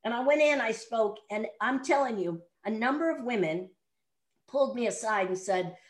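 Woman, middle-aged, slightly high voice, animated storyteller, casual chat, laughs often. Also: normal speed, rough recording. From Chicago area.

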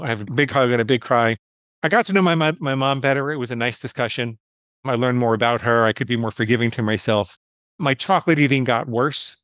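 A man's voice: mid-range voice, a bit bright, dry recording. Guy psychologist telling his story, candid and a bit self-mocking, dry close sound. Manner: candid, self-deprecating storyteller who acts out inner voices. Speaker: psychologist guest. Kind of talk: storytelling interview answer.

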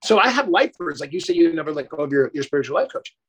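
Man, middle-aged, life coach, effusive, emphatic, casual swearing, somewhat high voice. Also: very animated, fast, slightly rough. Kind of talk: casual interview chat.

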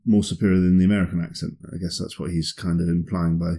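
A man's voice: sits low, little pitch movement, quick pace, mellow. A man, co-hosting a podcast in casual chat, jokey and talkative with dry humour. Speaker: podcast co-host.

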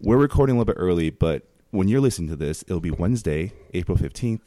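Man, podcast host, sick, wry and joking, very low voice. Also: lively intonation, fast talker, dark tone, no room sound. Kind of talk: casual chat.

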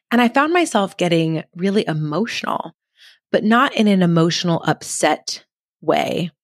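A woman's voice: lowish voice, dry recording, studio quality. A woman hosting her own podcast as a motivational speaker, telling a personal story in a gushing, upbeat way with lots of "like" and "oh my gosh".

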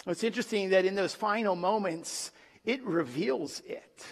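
A man preaching a sermon in a church, dramatic, pausing for effect and acting out the quotes he gives. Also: high-pitched. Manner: dramatic, with pauses and acted quotes. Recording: long reverb of a large hall.

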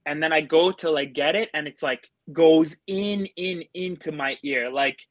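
A man's voice: on the high side, moderate pace, no echo. A man telling a story as a podcast guest in a casual way, rambling and full of fillers. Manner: rambling, filler-heavy with many likes.

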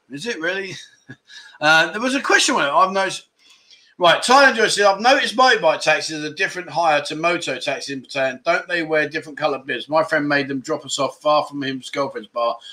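A man's voice: on the high side, bright, forceful tone. A man hosting a casual livestream, reading out viewer comments in a rambling, jokey way and often losing his train of thought. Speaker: livestream host.

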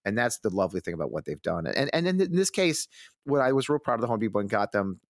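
A man, an army veteran and strategist, telling stories as a guest in a casual conversation, animated and full of restarts, acting out quotes. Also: on the low side, no echo, clean studio sound. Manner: animated, quick, many restarts, acts out quotes.

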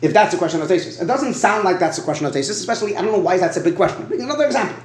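A man's voice: high voice, expressive, very fast, roomy sound. A man teaching a Talmud lesson. He stops and starts, repeats words and often asks "right?".

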